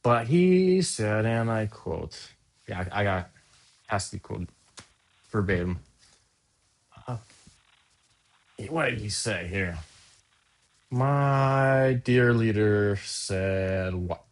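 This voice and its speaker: A man's voice: lowish voice, animated, slow pace, gravelly, long pauses. A man hosting a podcast, talking casually in a sarcastic, rambling way that keeps interrupting itself. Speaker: podcast host.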